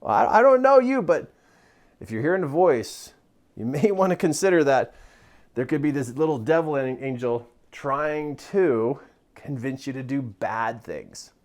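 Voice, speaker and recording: A man giving a motivational talk as a self-help mentor, drawing as he speaks, animated and laughing often. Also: medium pitch, unhurried.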